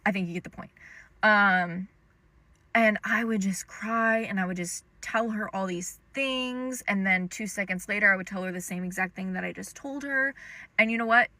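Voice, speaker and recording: A young woman with a bright, clear voice tells a personal story straight to the camera. She talks in a loose, chatty way, with lots of "um" and "like" as she goes. The sound is close and dry, with no room echo. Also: mid-range voice, normal speed. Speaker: storytime creator. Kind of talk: casual storytime monologue.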